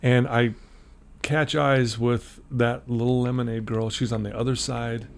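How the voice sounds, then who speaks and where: A man's voice: mid-range voice, a little slow, slight background noise. A middle-aged man, a podcast guest, telling a personal story in a casual interview and acting out the voices of the people in it. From Utah, USA. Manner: animated storyteller, acts out quoted voices.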